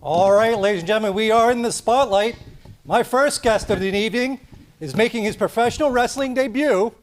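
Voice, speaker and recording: High-voiced wrestling show interviewer. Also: male voice, fairly quick, slight background noise. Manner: announcer-style introductions. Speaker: backstage interviewer.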